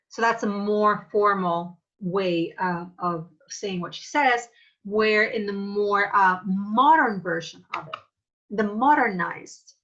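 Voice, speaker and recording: A woman teaching an acting lesson in a thoughtful, casual way, pausing often with fillers. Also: medium pitch, fairly bright tone, muffled recording. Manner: thoughtful, many filler pauses. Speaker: drama teacher.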